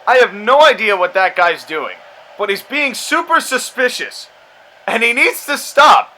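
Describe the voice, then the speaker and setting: A man with a high voice calls a video game match in a loose, rambling way. His tone is bright and tense, full of sarcastic asides and exasperated complaints. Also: animated, unhurried, rough recording. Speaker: commentator and show host. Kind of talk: casual play-by-play commentary over a video game match.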